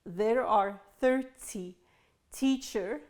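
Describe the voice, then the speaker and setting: A woman from Tunisia leads an English lesson for learners. She speaks slowly and carefully, stressing each sound clearly, and her voice sits a little high. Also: darkish tone. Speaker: English teacher.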